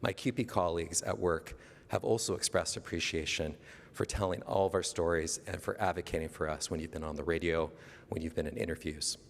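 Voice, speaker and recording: A man's voice: low-pitched, steady tone, brisk. A man, a teacher, reading an earnest, formal tribute speech at a convention. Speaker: teacher presenting an award. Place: large convention hall. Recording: long hall reverb.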